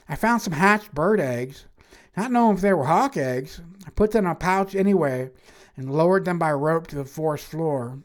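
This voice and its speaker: A woman reading a first-person fantasy story aloud in a wry, matter-of-fact way. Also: fairly low pitch.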